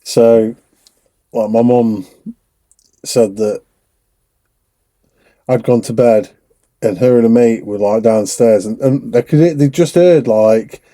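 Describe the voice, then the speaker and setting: Young male podcast co-host, slow-paced and warm-toned, laid-back anecdotes. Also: mid-range voice. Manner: relaxed anecdotes, swears casually. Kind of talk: casual chat.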